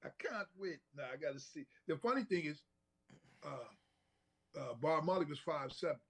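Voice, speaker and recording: A man's voice: a little high, lively intonation, normal speed, breathy edge. A man co-hosting a casual podcast, telling rambling stories with laughs and restarts. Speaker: podcast co-host. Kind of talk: casual chat.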